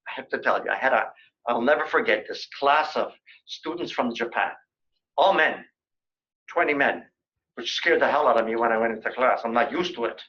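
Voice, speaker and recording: A man's voice: medium pitch, fairly quick, pushed and bright, dull audio, a little hiss or hum. An older man giving a colloquium lecture in a lecture room, telling joking anecdotes in a chatty way.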